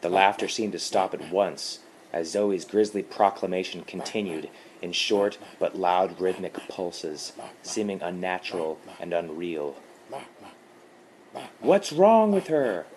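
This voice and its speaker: Slow, low-voiced man reading horror. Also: fairly even intonation, slight background noise. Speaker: narrator. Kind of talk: scripted horror narration.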